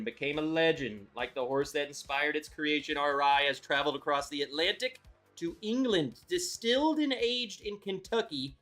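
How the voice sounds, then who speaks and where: A man's voice: fairly high pitch, fairly bright tone. A man hosting a casual live stream, chatty and upbeat, greeting viewers by name as he talks. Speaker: livestream host reviewing whiskey.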